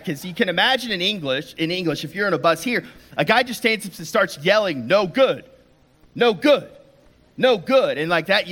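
A man delivers a sermon in a church room, slipping into a personal story before moving into scripture. His voice sits a bit higher than most men's, and he talks in a relaxed, conversational way. He often restarts his sentences. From United States. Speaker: preacher.

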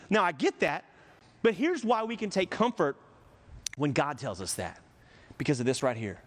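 A man's voice: sits high, very animated, moderate pace, long reverb tail. A man from the United States preaching a conversational, joking sermon as pastor.

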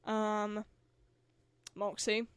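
A woman's voice: mid-range voice, completely flat delivery, extremely slow, clean tone, no room sound. A woman hosting a podcast, chatting casually and rambling with lots of fillers. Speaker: podcast host. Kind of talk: casual chat.

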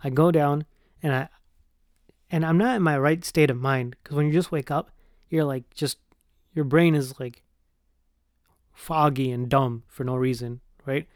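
A man's voice: fairly high pitch, steady tone, a little slow, long pauses, no echo, clean studio sound. A young man telling a long, profane, rambling story in casual podcast chat, full of "like" and "right?". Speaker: podcast host.

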